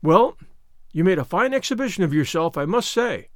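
A man's voice: sits high, sing-song, normal speed, no room sound. A man reading an audiobook, voicing a strict, dry, reproving middle-aged woman. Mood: scolding.

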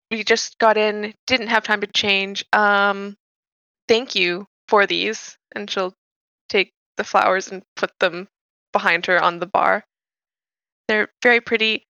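A woman playing her character in a tabletop game, wry and a touch hesitant. Her voice is bright and edgy, and the recording is dry and dull. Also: medium pitch, fairly even intonation, a little slow, dry recording. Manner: wry, hesitant, laughs often. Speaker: player.

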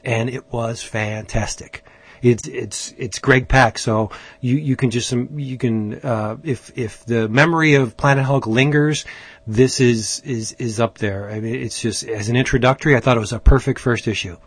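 A man's voice: medium pitch, steady tone, normal speed, breathy edge. A man hosting a casual comic book chat, enthusiastic and rambling, often restarting his sentences. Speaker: comic book podcast host.

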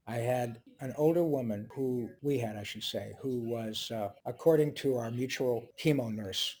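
A middle-aged voice actor, guesting on an interview, tells personal stories with feeling and jumps into quick impressions of the people he quotes. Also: medium pitch, darkish tone, slightly rough. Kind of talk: emotional interview storytelling.

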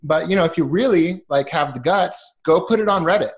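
A man's voice: on the high side, a little fast. A man co-hosting a podcast in casual chat, easygoing and self-deprecating. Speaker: podcast co-host.

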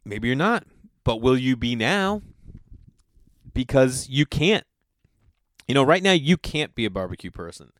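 An animated man spins a casual, profane comic story and slips into the voices of the people in it. His voice sits at an ordinary pitch. The sound is dry and close, with no room around it. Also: unhurried, pauses often, no room sound. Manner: animated, profane, acts out other people's lines.

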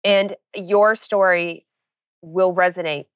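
Woman podcast host, eager and encouraging, polished clear tone. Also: on the low side, steady tone, slow, fairly bright tone, no echo, studio quality. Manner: enthusiastic, affirming. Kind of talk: podcast interview.

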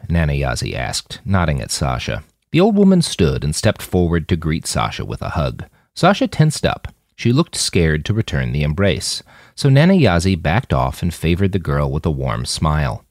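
A man reading his own fiction aloud as a story podcast narrator, in an expressive storytelling way. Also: rumbling low, normal speed, no room sound, studio quality.

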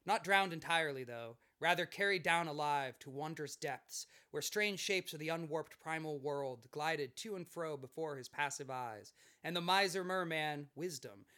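A man hosting a casual podcast, reading literary passages slowly and solemnly. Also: fairly high pitch, animated, pushed and bright.

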